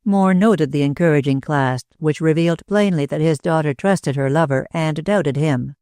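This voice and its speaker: This is scripted audiobook narration by a woman with a deep voice, delivered in a steady, measured storytelling style. The studio-quality recording carries no echo.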